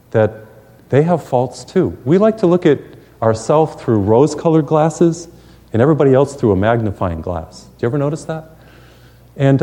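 Middle-aged male preacher, warm folksy storyteller, reverberant hall. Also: medium pitch. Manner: folksy storytelling with jokes and asides. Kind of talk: sermon.

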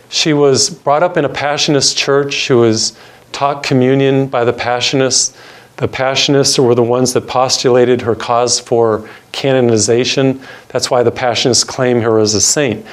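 Older priest telling a story. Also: male voice, medium pitch. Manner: earnest storyteller, slows down to stress key words. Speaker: Catholic priest. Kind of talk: storytelling sermon.

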